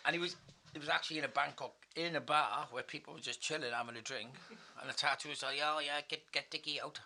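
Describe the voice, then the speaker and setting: Bloke, gravelly and very bright, all over the place in pitch, crude stories. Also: male voice, fairly even intonation, fast talker. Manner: crude, laughing storyteller. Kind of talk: casual chat.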